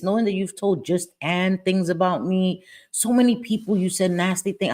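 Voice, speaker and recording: A woman's voice: on the low side, normal speed, darkish tone. A woman hosting a casual livestream chat, talking bluntly and swearing freely, repeating herself and laughing often as she talks into her webcam microphone. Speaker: livestream host. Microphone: webcam or computer mic.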